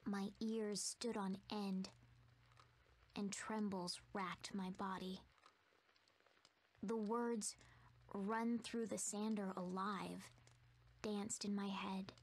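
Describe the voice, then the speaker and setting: A woman narrating a video game in a soft, hushed, fearful storytelling manner, voicing a timid young female narrator. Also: mid-range voice, fairly even intonation, takes it slowly, long pauses.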